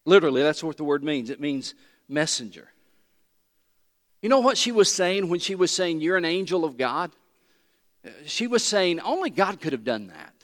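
A man preaching to his congregation, his voice sitting a little high for a man. He tells a personal story in an earnest, unhurried way and pushes to emphatic peaks. A long reverb trails his words through a large church sanctuary. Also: a bit bright. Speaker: pastor.

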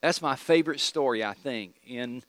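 A man's voice: medium pitch, moderate pace, fairly bright tone, no room sound. Man teaching a church Bible class. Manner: asks the class questions and repeats key points.

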